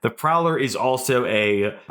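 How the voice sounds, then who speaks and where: A young man on a podcast, talking casually about films with a bright, lively voice that swings up and down as he jokes and swears through a review. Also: medium pitch, a little slow. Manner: animated, swearing, joking movie reviewer. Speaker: podcast co-host. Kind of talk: casual chat.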